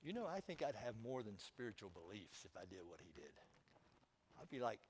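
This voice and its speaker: A man pastor preaching a sermon in church, telling a story with emphatic swings in loudness and speaking straight to the congregation. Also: lowish voice, very animated, a little fast, a little hiss or hum, low-quality recording.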